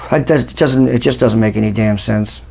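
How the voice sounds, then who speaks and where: A man's voice: on the low side, creaky, a little mellow, a little hiss or hum. A man hosting a wrestling channel, ranting in a casual, exasperated and profane way with bursts of sarcasm. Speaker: wrestling commentary host.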